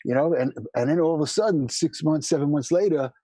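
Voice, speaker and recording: Brief: husky man from New York, rapid animated storytelling, dry close recording. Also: a little high, no room sound. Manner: fast, animated storyteller with many restarts. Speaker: musician guest. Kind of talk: casual interview chat.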